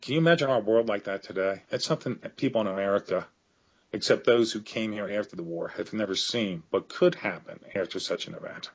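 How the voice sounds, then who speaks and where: A middle-aged man with a lowish voice talks as an interview guest. He lays out grave scenarios in an earnest, storytelling way. The audio is dull and lo-fi. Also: a little fast. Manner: earnest storytelling, growing emotional. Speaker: author guest.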